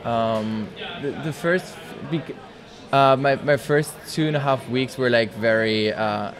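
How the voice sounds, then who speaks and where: A man's voice: medium pitch, slow pace, a crowd in the background. A young man from East Germany, a guest answering casual interview questions hesitantly. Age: young adult. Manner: hesitant, many fillers.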